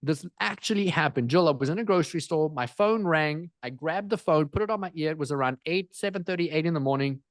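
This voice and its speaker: A man speaking as a guest in an interview, energetic and emphatic, driving points home with repetition. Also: fairly high pitch, fast talker, hardly any pauses, dry recording, studio quality. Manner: energetic, emphatic, repeats phrases for effect. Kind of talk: animated interview storytelling.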